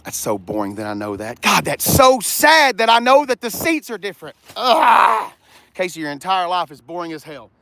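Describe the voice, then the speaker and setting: High, animated Southern man. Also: moderate pace, creaky, no room sound. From Southern United States. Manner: rambling, easily sidetracked, jokey. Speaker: car vlogger. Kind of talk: casual walkaround vlog.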